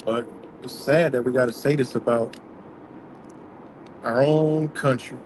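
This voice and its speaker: A man's voice: mid-range voice, steady tone, a little slow. Profane man ranting over road noise. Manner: blunt, profane, rambling storytelling. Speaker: livestream host. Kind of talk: casual rant.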